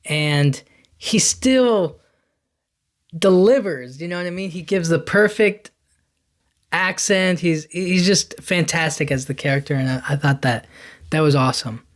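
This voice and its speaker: Rambling man recapping a movie. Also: fairly high pitch. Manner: rambling, enthusiastic retelling with quick quoted lines. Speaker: podcast host.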